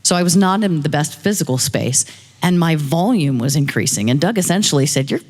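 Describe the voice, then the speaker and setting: Lively woman storyteller, audience testimony, echoing hall sound. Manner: fast, lively storytelling with high-pitched acted quotes. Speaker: audience member sharing a story. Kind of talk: animated personal testimony.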